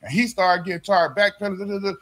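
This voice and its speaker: High-pitched guy telling a wild story on a podcast, slangy, laughs a lot. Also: a little fast, fairly bright tone. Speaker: podcast guest, former pro basketball player. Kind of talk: casual storytelling in a conversation.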